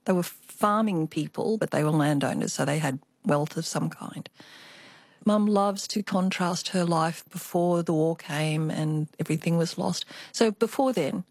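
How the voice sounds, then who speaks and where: A woman's voice: deep voice, measured pace, no room sound. Reflective older woman storyteller. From Australia. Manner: reflective storytelling, with small restarts. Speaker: guest, artist. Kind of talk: radio interview.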